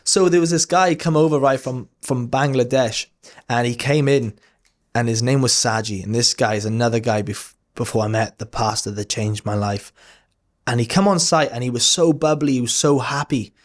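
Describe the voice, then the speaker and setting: A man's voice: mid-range voice, moderate pace. A man, a podcast guest telling a story in a candid, rambling way, with casual swearing and lots of fillers. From Wales.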